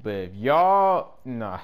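A man giving casual gameplay commentary in slangy speech, swinging between yelling and mumbling. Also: medium pitch, very animated, drawn-out words. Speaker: gamer. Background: game music.

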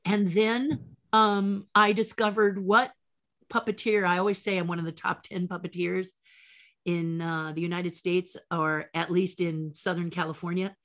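A woman puppeteer being interviewed, telling a story in a lively way and acting out the voices of people she quotes. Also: lowish voice, unhurried. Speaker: puppeteer guest. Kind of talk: anecdotal storytelling.

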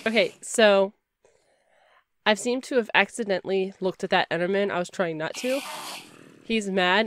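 A woman's voice: medium pitch, expressive, moderate pace, long pauses. A woman giving chatty let's play commentary, talking to in-game items and shrieking when startled. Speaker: gamer.

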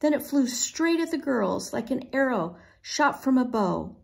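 A woman reading a children's chapter book aloud, expressive and unhurried. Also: sits high, vocal fry. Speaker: storybook reader. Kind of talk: children's read-aloud narration.

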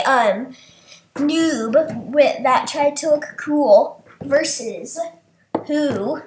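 Young woman, high bright voice, slow unhurried delivery, excitable game commentary, echoey room with faint hiss. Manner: excitable, shrieks when winning. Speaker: gaming video creator. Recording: roomy echo, faint noise.

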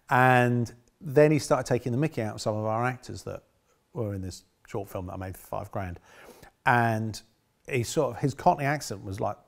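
A middle-aged man, a film director, looking back on making a film in a rambling, self-correcting way. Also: lowish voice. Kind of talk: reminiscing interview.

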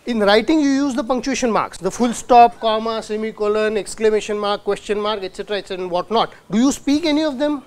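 A man lectures in a hall. He keeps asking the audience questions he then answers himself. He sounds out words slowly to demonstrate them. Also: sits high. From India. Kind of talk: university lecture.

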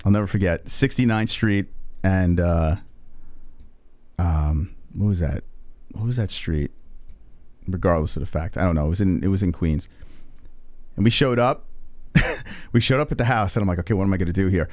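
A man's voice: low voice, animated, normal speed, long pauses, a little mellow, dry recording. A man hosting a live stream, telling a story in a casual, profane way and acting out the people he quotes. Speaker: stream host.

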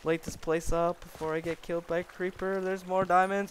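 Young guy doing let's play commentary, kinda high voice, excitable and rambly, faint hiss behind. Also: a little fast. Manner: excitable, talks to mobs jokingly, rambling. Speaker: gaming video creator.

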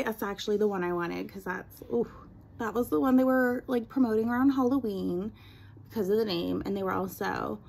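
A woman's voice: mid-range voice, fairly quick, vocal fry, darkish tone, husky. A young adult woman vlogger chatting casually through a product unboxing and review, rambling with self-deprecating asides.

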